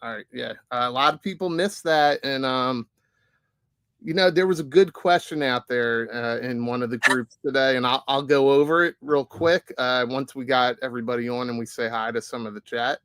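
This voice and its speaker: A man's voice: medium pitch, normal speed, a bit bright, clear, resonant tone, no room sound. A man hosting a casual livestream podcast, easygoing, with lots of fillers. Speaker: host.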